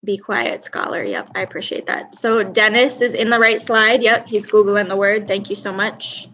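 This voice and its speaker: A woman's voice: medium pitch, normal speed, bright, forceful tone, low-quality recording. A young woman teacher running an online class over a video call, chatty and upbeat as she praises students.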